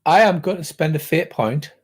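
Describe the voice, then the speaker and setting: A man's voice: a little high, expressive, normal speed, breathy edge. An older man narrating a tabletop game as game master, chatty and hesitant, with many fillers.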